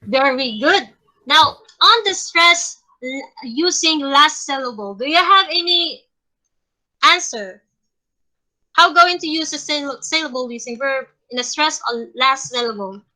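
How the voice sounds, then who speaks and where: A young adult woman with a Filipino English accent teaching a class, speaking deliberately and checking in with the students often. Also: high voice, sharp tone, rough recording. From Philippines. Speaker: teacher in a class role-play.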